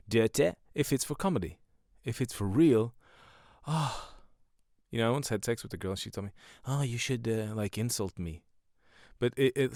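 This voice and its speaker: A man's voice: fairly low pitch, darkish tone, no room sound, studio quality. A man, a stand-up comedian and podcast host, talking in a rambling casual monologue full of swearing and self-mocking jokes.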